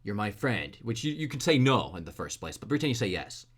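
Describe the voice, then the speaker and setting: A man's voice: medium pitch, very animated, fast. Young man, blunt and profane, ranting vlog advice, mid-range voice. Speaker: artist.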